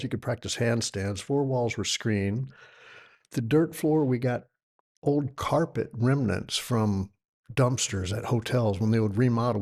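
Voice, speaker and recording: 60-something texas guy telling yoga stories, lively, acts out the voices, average pitch. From Texas, United States. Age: 60s. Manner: animated storyteller who acts out quoted voices. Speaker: yoga teacher, podcast guest. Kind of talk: storytelling in a conversational interview.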